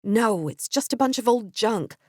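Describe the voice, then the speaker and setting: A woman narrator voicing a quick-witted young female adventurer in her own near-natural voice, quippy and casual. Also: fairly high pitch, expressive, darkish tone, no echo, studio quality. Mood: wry.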